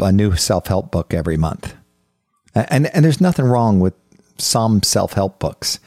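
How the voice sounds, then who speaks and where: A man with a very deep voice gives a conversational Bible teaching on his podcast. He speaks earnestly and haltingly, often repeating words as he restarts his sentences. The sound is dry, with no room echo. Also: a little mellow.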